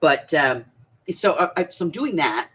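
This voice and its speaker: A woman's voice: deep voice, animated, unhurried, fairly bright tone, breathy edge. A woman hosting a crafting channel, chatting casually and rambling, with frequent restarts and laughter. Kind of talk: casual chat.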